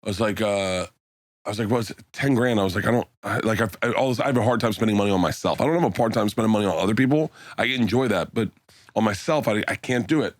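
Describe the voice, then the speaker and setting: Speaking fast in a fairly low voice, a middle-aged man guesting on a podcast as a comedian tells a meandering, profane story, freely cursing and impersonating the other characters. It's a clean, dry studio recording.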